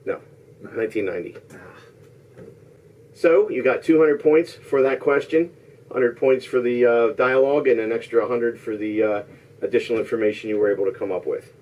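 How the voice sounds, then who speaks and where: A man hosting a homemade trivia game show, explaining the rules plainly and reading clues slowly and deliberately. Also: mid-range voice, a little mellow, distant mic.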